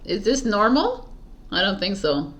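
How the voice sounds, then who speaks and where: A woman's voice: medium pitch, huge pitch swings, measured pace, fairly bright tone, slight background noise. A woman doing tarot intros who keeps laughing, stumbling over her words and swearing casually. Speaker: tarot reader. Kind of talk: casual blooper chat.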